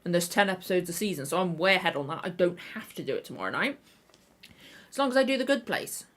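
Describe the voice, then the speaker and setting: A woman's voice: on the low side, lively intonation, fast talker, fairly bright tone. Tired woman rambling on a livestream. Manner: rambling, self-correcting. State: tired, throat a little tender. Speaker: reaction channel host. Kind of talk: casual livestream chat.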